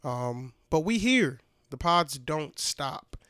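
A man's voice: a little high, big pitch swings, takes it slowly, sharp tone, clear, resonant tone, no room sound, clean studio sound. Congested man co-hosting a podcast. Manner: laid-back, rambling with restarts. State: congested, slightly muffled. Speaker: podcast co-host. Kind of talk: casual chat.

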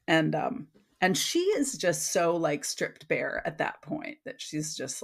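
A woman's voice: deep voice, lively intonation, a little slow, creaky. A woman guest author in casual podcast chat, retelling a story loosely with lots of fillers.

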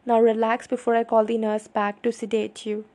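A woman voicing a brooding teenage boy vampire who speaks quietly and soothingly. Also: fairly high pitch, completely flat delivery, moderate pace, lightly acted. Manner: quiet, soothing, often whispered.

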